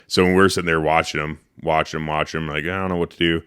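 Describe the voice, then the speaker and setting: A man with a rumbling low voice hosts a podcast, telling a story fast and with hardly any pauses. His tone is clean, and he's casual and animated, swearing freely and acting out his own quotes.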